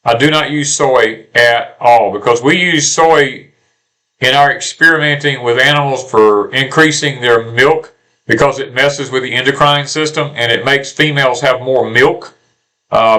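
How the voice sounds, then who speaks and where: Southern homesteader man; blunt, opinionated, sharp-toned, casual porch chat. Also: mid-range voice, poor audio. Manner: blunt, opinionated, repeats himself. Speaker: homestead channel co-host.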